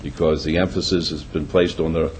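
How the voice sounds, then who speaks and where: A man's voice: a bass voice, fairly even intonation, brisk, slight background noise, rough recording. An older man, the mayor, chairing a city council meeting in a plain-spoken, folksy way. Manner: folksy, plain-spoken, uses homey sayings. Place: council chamber.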